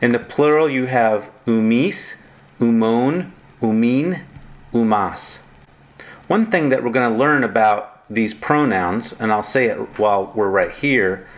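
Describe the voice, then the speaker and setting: Male grammar lecturer, lowish voice, very slow and methodical delivery. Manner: slow, methodical, reciting word forms one by one. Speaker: Greek grammar teacher. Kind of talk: recorded lecture.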